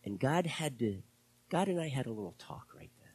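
A man preaching a sermon as pastor, impassioned and then dropping to hushed, whispered prayer. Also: medium pitch, very animated, a little fast, husky, dry recording.

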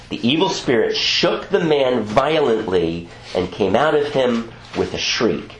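A man's voice: lowish voice, big pitch swings, unhurried, few pauses, reverberant, slight background noise, low-quality recording. A man preaching a teaching sermon in a conversational way, with frequent asides and self-corrections.

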